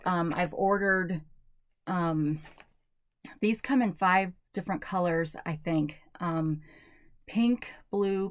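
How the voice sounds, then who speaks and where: A woman's voice: fairly low pitch, dry recording. A woman vlogger chatting casually through a product haul, rambling and thinking aloud with lots of fillers. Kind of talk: casual product review chat.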